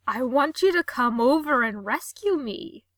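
Panicky cursing young man in a storybook reading, put on by a woman, slow and bright. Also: sits high, lively intonation, no room sound. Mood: frantic. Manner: panicky, swearing, pleading. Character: frantic naked man stuck in a bath.

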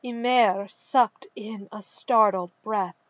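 A woman reading a story aloud in a calm, measured way. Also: mid-range voice, dry recording. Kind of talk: scripted narration. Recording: dull, dry recording.

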